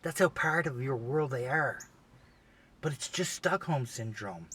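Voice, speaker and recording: Sex: man. Role: podcast host. Style: comedic rambling monologue. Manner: profane, loose, filler-heavy. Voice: bright, middle pitch. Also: lively intonation, a little slow, husky. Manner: profane, rambling, peppered with "you know".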